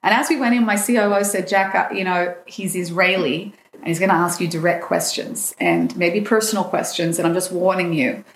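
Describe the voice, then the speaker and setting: Animated woman telling a story in a roomy room. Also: fairly low pitch, a little fast, hardly any pauses. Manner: animated, acts out quoted dialogue. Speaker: dating coach guest. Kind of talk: personal storytelling in a podcast interview.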